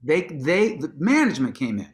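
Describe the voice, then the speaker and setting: A man telling a long anecdote in an onstage conversation, casual and profane, acting out what people said with sudden jumps in his voice. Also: normal speed. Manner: animated storyteller, acts out quotes with big pitch jumps; casual, swears freely, restarts sentences. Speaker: guest, musician and author.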